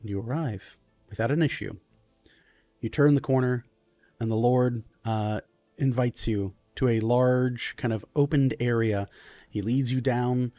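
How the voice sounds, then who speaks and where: A man at a middle pitch narrating a tabletop fantasy game as game master. He describes scenes unhurriedly, with frequent fillers, on a close, dry mic with faint music under him. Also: measured pace, warm tone, dry recording.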